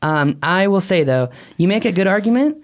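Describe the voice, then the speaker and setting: A man co-hosting a casual podcast discussion, animated, his pitch jumping up, laughing often. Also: a little fast. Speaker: podcast co-host, drone pilot.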